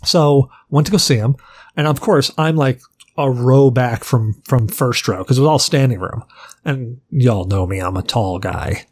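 A man's voice: medium pitch, moderate pace, slightly rough. A man co-hosting a podcast, telling a long, rambling story in casual chat with plenty of swearing. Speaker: podcast co-host.

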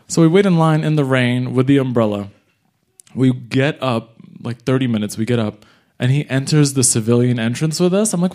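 A young man, a stand-up comic, telling a story live and acting out other people's lines. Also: medium pitch. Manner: animated, acts out other people's lines in quick bursts. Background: audience laughter.

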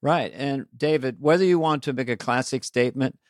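A man's voice: mid-range voice, brisk, no echo, studio quality. Playful male co-host reading an ad. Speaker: podcast co-host.

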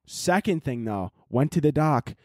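A man's voice: fairly high pitch, animated, measured pace, darkish tone, no echo, clean studio sound. A young man hosting a solo podcast, ranting in an exasperated, rambling, profane way. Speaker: podcast host. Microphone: laptop and camera audio.

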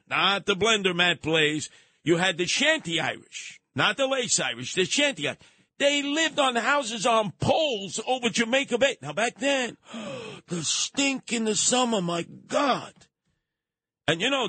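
Older New talk-show host, bright, husky voice, lively yarn-spinner with bursts of shouting. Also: male voice, on the high side, a little slow, no echo. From New York. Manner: animated, colorful storytelling with bursts of shouting. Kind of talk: storytelling monologue.

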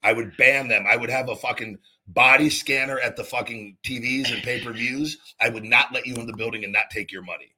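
Bright-toned profane man hosting a podcast. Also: mid-range voice, fairly even intonation, a little fast, hardly any pauses, breathy edge. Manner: profane, rambling, heated. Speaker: podcast host. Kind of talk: casual podcast chat.

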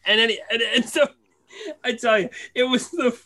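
A man's voice: extremely high pitch, steady tone, normal speed, bright, forceful tone. A man co-hosting a podcast, telling a family story in casual chat, laughing and acting out the voices of his family. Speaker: podcast co-host.

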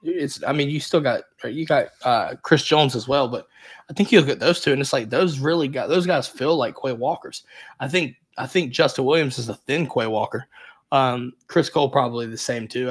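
A man's voice: medium pitch, a little fast. A man co-hosting a sports podcast, rambling casually and hedging often as he breaks down the team. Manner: rambling, hedges a lot with repeated fillers. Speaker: podcast co-host.

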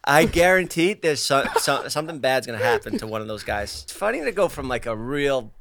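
A young podcast host tells stories with loose, animated energy and casual swearing. His voice sits at an ordinary, middle pitch. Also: a little fast. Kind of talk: casual chat and read sponsor ads.

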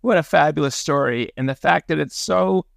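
Male host, gravelly voice, measured questions, dry close mic. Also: fairly high pitch, dry recording. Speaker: podcast host. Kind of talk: interview questions.

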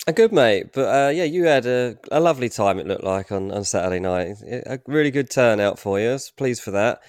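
A man co-hosting a football podcast as transfer pundit, analytical and hesitant, with many pauses and restarts. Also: medium pitch, lively intonation, a little mellow, clear, resonant tone, no room sound, studio quality. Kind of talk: casual football podcast chat.

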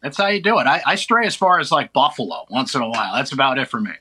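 A man's voice: medium pitch, big pitch swings, fast, sharp tone, a little hiss or hum, poor audio. A man from Central New York, a guest on sports radio, talking college football in an upbeat, joking way. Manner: upbeat, joking, plugs and banter. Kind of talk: casual sports talk.

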